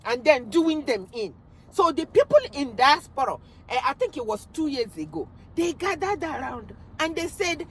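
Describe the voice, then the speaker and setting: A middle-aged woman with a Nigerian accent delivers a heated commentary vlog. Her voice sits somewhat high and swoops widely up and down, punctuated by emphatic outbursts. A faint hum of background noise sits under her voice. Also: expressive, moderate pace. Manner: emphatic, ranting, loud outbursts. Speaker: vlogger commenting on news.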